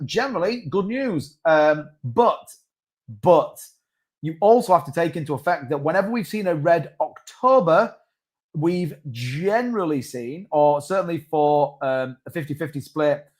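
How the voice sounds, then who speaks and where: A man hosting a casual crypto live stream, rambling and reading out viewer comments. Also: a little high.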